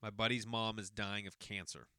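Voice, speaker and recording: This podcast host, a man in his forties from around Boston, tells a lengthy personal story in a casual, meandering way, often correcting himself. He speaks at a normal speed with a fairly low pitch and a steady, sharp yet smooth tone. The studio sound is clean and echo-free.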